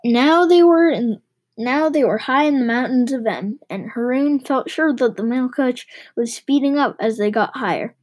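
A woman reading a novel aloud with lively, expressive storytelling. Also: high-pitched, normal speed, rough recording. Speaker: reader.

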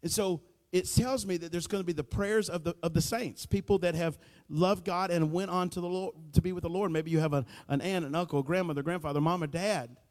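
A pastor preaching a sermon in a folksy, fervent way, building to loud emphasis. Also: male voice, sits high, steady tone, brisk. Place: church sanctuary. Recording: echoey church hall.

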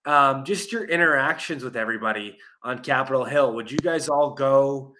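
Bright-voiced male talk show host. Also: mid-range voice, slight background noise. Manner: conversational, halting questions. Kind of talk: interview questions.

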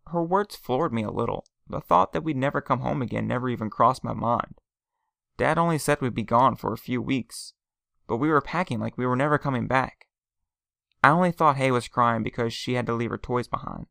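Gravelly-voiced man reading a story. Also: mid-range voice, a little fast, fairly bright tone, no echo, studio quality. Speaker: narrator. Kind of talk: first-person story reading.

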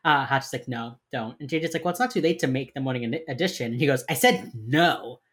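A woman's voice: a bass voice, rapid-fire, husky. A woman co-hosting a casual chat, animatedly acting out lines from a TV show and swearing freely. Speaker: podcast co-host recapping a TV crime drama.

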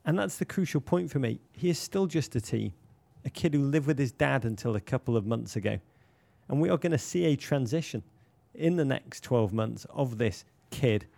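A man's voice: medium pitch, creaky, mellow. A man co-hosting a casual podcast chat, playful, florid and theatrical. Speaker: podcast co-host.

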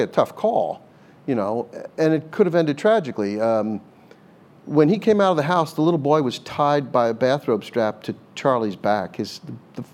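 A man's voice: medium pitch, a little mellow. An older man, a former hostage negotiator, answers interview questions in an earnest, conversational way, repeating words as he thinks and laughing now and then.

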